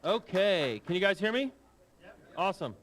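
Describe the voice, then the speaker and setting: A man's voice: high-pitched, sing-song, moderate pace, very noisy. A man hosting a convention, making announcements in a jokey, informal way. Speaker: show host. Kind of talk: event announcements. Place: convention hall.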